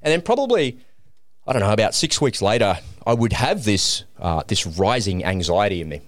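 Middle-aged male podcast guest, low voice, animated storyteller, dry sound. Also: moderate pace, dry recording. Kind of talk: personal storytelling.

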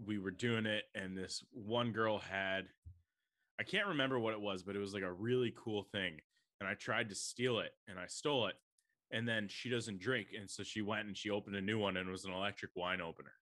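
A man's voice: lowish voice, fairly even intonation, fairly quick, sharp tone, no echo, studio quality. A man chatting casually as a podcast co-host, laid-back and swearing freely. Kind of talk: casual chat.

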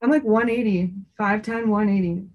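A woman co-hosting a podcast, chatting casually in an expressive way, with lots of "like". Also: mid-range voice, normal speed. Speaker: podcast co-host. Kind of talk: casual chat.

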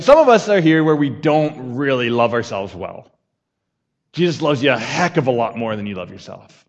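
Conversational male pastor preaching in a hall. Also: a little high. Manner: conversational, repeats a key phrase, leads call-and-response. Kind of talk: sermon.

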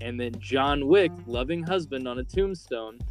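A man's voice: medium pitch, lively intonation, normal speed, soft background music. A man hosting a podcast, casually recapping a film's plot with lots of filler words. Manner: rambling, filler-heavy storytelling. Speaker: podcast host.

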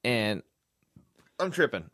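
A man's voice: mid-range voice, sing-song, slow pace, fairly bright tone, no room sound, clean studio sound. A young man who is a podcast guest, telling a story in an earnest, self-deprecating, rambling way. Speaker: podcast guest, test rider. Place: studio.

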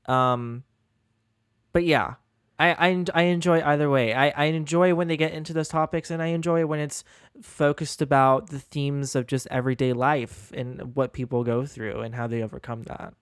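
A person chatting casually about a TV show, easygoing and halting. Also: mid-range voice, fairly even intonation, clear, resonant tone, dry recording, studio quality. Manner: halting, with fillers and restarts, easygoing. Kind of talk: casual chat reviewing a TV show.

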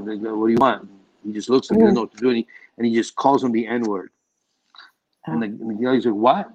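A filmmaker guest chatting casually in an interview, rambling through animated stories with lots of restarts. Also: male voice, medium pitch, lo-fi sound.

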